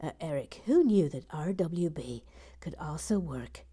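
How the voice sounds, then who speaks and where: A woman hosting a relaxed building stream, chatting playfully, reading comments aloud and laughing. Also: low-pitched, unhurried, slightly rough. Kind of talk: casual chat while building.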